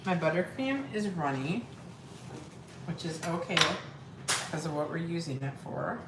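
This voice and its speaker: This weight-loss coach streams a casual cooking demo live from her home kitchen, where pets and family wander about. Her lowish voice is expressive and a little slow as she chats in a scattered way straight to viewers, and the echoey room picks up clear background noise.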